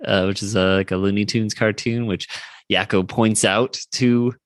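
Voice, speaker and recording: A man's voice: on the low side, steady tone, normal speed, no echo. A man co-hosting a podcast, recapping a cartoon episode in a rambling, casual way. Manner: rambling recap, with frequent fillers and laughs. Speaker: podcast co-host.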